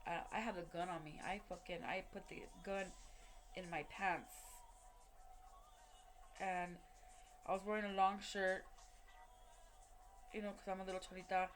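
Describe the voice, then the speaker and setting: With faint music behind her, a woman whose voice is fairly low and evenly pitched tells a personal story at a moderate pace, leaving long pauses. It's casual vlog storytelling: rambling, heavily profane, packed with fillers and restarts, and she re-enacts people's words as quoted dialogue.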